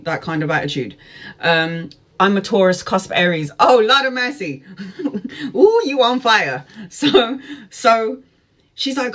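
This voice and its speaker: A woman in her forties telling a story casually on a live stream, animated and laughing often as she greets viewers. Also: fairly high pitch, moderate pace. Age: 40s. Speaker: tarot reader hosting a live stream.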